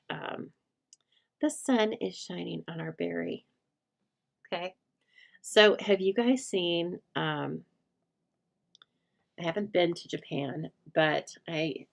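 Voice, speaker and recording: A woman's voice: deep voice, creaky. A middle-aged woman hosting a crafting livestream, chatting casually and rambling to her viewers while she works. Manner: chatty, rambling, laughs often, talks to viewers by name.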